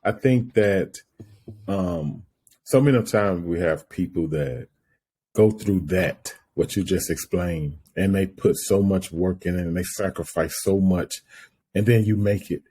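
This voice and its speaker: A male podcast host with a very low, husky voice and a dark, mellow tone. He answers his guest with brief, encouraging affirmations and then speaks his own thoughts. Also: measured pace. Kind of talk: interview, brief backchannel responses.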